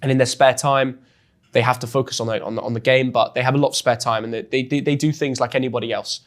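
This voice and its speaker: A young man from England with an English accent, telling a story as a guest in an interview with lively, chatty energy and frequent restarts. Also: medium pitch, fast. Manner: chatty and animated, often restarts words. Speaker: guest, football influencer.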